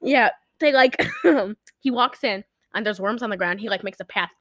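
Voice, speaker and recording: A woman's voice: mid-range voice, moderate pace, no echo. A young woman chatting casually, rambling through a film recap and acting out the characters' lines. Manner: rambling, animated retelling with acted-out quotes. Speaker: podcast co-host recapping a film. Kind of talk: casual chat.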